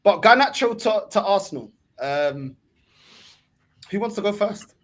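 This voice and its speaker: A man hosting a casual fan podcast panel, greeting each guest in a relaxed, slangy way. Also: high-pitched, a little slow, a little hiss or hum. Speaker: podcast host.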